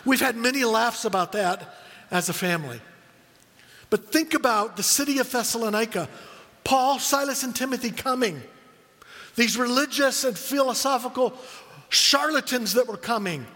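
A middle-aged man preaching a sermon as a pastor, telling stories with animated quoted voices. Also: very high voice, in a large hall.

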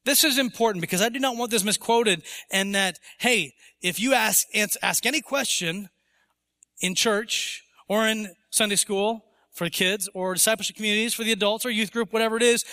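A man's voice: high-pitched, normal speed, pushed and bright, long reverb tail. A man preaching a sermon in church as pastor, emphatic and rising to voice imagined objections. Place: church sanctuary.

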